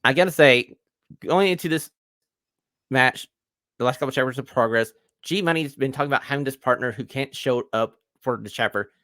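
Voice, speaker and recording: A man hosting a wrestling podcast, previewing matches with casual enthusiasm and pushing listeners to buy tickets. His voice sits at a middle pitch, and the recording is dry with no room echo. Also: a little fast, a bit bright. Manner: enthusiastic, plugging the show. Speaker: podcast host.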